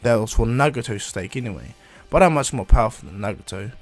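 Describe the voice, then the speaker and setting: A man voicing a calm, self-assured young ninja prodigy. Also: fairly low pitch, fast talker, soft background music.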